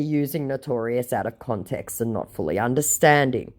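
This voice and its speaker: A woman's voice: rumbling low, animated, moderate pace, few pauses. A woman narrating a chat exchange aloud with a sarcastic, mocking manner.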